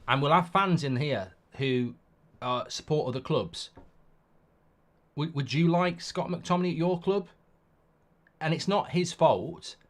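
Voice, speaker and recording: Middle-aged man, watchalong host, opinionated, rambling, quick restarts, middling pitch. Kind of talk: live football watchalong chat.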